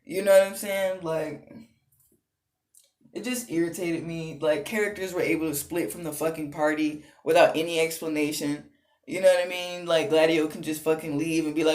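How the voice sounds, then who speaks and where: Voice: mid-range voice, level tone, moderate pace. Exasperated, swearing gamer rant in an echoey room. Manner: exasperated, profane, rambling. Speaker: gaming vlogger. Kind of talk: casual rant. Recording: roomy echo.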